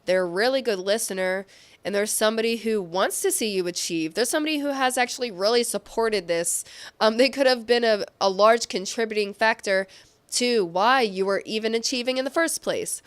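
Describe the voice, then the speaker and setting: With a brisk delivery and a voice on the high side, this woman reads tarot casually. Her speech is rambling and filler-heavy, with frequent self-corrections along the way.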